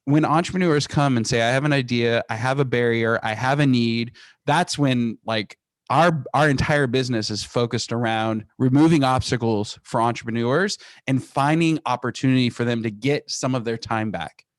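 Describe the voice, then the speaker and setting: Energetic man telling business stories. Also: medium pitch, no echo. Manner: energetic, animated storytelling with quick restarts. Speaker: guest, company founder. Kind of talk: podcast interview.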